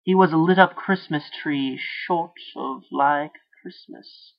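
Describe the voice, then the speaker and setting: A man's voice: fairly high pitch, takes it slowly, gravelly. A man reading a story aloud, lifting his voice for the characters' dialogue. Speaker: narrator. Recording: dull lo-fi recording.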